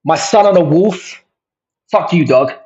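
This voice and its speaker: Here the young streamer's voice sits fairly high, with a darkish, slightly rough tone and an unhurried pace. He responds to comments in casual, sweary, rambling chat full of restarts, and the audio is dull and lo-fi.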